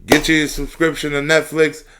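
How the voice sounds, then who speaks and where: A male podcast co-host talking casually with a friend. His delivery is laid-back, and it rises to an emphatic pitch when he urges listeners to do something. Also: completely flat delivery, normal speed, heavy background noise. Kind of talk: casual chat.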